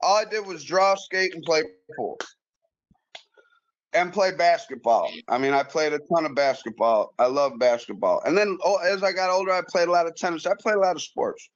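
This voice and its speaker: A man telling a story in casual chat, animated and profane, with frequent repeated words and restarts. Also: fairly high pitch, normal speed, muffled recording. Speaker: guest pool player.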